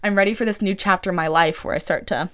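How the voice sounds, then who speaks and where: A woman's voice: fairly low pitch, fast, a bit bright. A woman of about twenty hosting her own podcast, chatting casually and rambling with lots of "like.". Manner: chatty, rambling, heavy use of "like". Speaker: podcast host. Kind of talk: casual solo podcast chat. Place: small room she records in.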